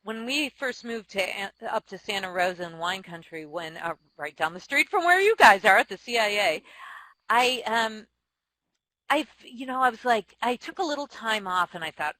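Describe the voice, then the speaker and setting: A woman in her forties, a company chief and author, answering interview questions with frank, self-deprecating stories, quick laughs and restarts. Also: medium pitch, lively intonation, bright, forceful tone, no echo, rough recording. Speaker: company CEO and author, guest. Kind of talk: candid interview storytelling.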